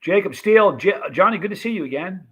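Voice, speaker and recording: A man's voice: high-pitched, quick pace, muffled recording. Chatty man hosting a live stream. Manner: chatty, rambling, animated retelling of movie scenes. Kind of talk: casual live-stream chat reading viewer comments.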